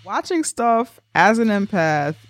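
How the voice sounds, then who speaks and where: A podcast co-host chatting casually, animated and dramatic, swearing freely and reading sponsor info. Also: medium pitch, takes it slowly.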